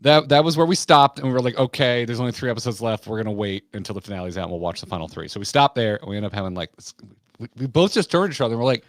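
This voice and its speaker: A man hosting a casual roundtable chat, rambling excitedly about a show he watched. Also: mid-range voice, rapid-fire, no echo, clean studio sound. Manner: rambling, restarts often, excitable fan talk.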